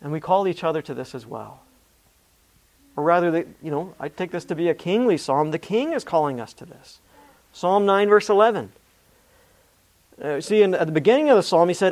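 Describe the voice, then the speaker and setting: Male preacher with a high voice, earnest delivery, reads scripture with emphasis. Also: animated, normal speed, darkish tone. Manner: repeats words and restarts mid-phrase. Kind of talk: sermon.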